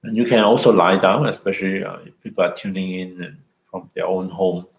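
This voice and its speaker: Reflective low-voiced man teaching meditation. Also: fairly even intonation, echoey room, rough recording. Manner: unhurried, reflective, with tag questions like "isn't it" and "no". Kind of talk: dharma talk leading into guided meditation.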